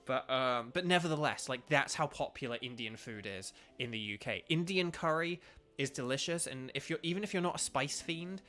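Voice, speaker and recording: This is casual gaming stream chat from a young UK streamer and voice actor who rambles and leans heavily on fillers. His voice sits at medium pitch, moderately paced, sounding pushed and bright.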